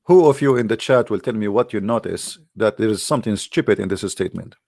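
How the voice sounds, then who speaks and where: A man's voice: fairly low pitch, fast talker, vocal fry, darkish tone, dry recording, clean studio sound. A man hosting a live stream, arguing emphatically and scornfully in non-native English, repeating words for effect. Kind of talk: argumentative commentary to a live chat.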